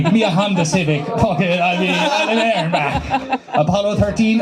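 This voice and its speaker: A man's voice: sits high, over loud music, low-quality recording. An Irish comedian in his young adult years telling a loose, swearing stand-up story at an open mic. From Ireland. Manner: loose, swearing storytelling with quick voiced asides. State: dry throat. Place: small cafe at an open mic. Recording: live room with crowd. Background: crowd laughing.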